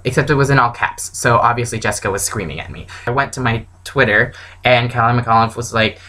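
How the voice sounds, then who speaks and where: Young woman vlogger, casual excitable storytelling, gushing fan energy. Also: a bass voice, a little fast, poor audio. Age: young adult.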